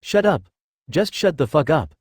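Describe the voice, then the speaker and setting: A man's voice: mid-range voice, very animated, moderate pace, a little mellow, dry recording, studio quality. A man reading fan fiction aloud, voicing a frightened young girl who pleads and cries. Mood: anguished. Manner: raised, tearful pleading.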